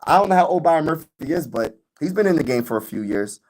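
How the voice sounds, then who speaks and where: A man hosting a casual sports fan livestream, talking excitedly and repeating himself, calling viewers y'all and bro, recorded on a phone with no external mic that crackles when he gets loud. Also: fast talker. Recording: audio crackles on louder high notes.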